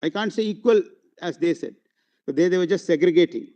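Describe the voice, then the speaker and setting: A man with an Indian English accent arguing a case before judges, deferential and halting, with frequent fillers. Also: high-pitched, mellow. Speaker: advocate. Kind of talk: courtroom legal argument. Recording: dull lo-fi courtroom audio feed.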